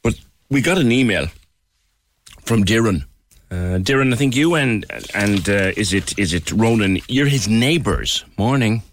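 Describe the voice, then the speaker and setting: A man's voice: fairly low pitch, normal speed, a little hiss or hum. A man hosting a phone-in radio show, speaking earnestly and often repeating words as he goes.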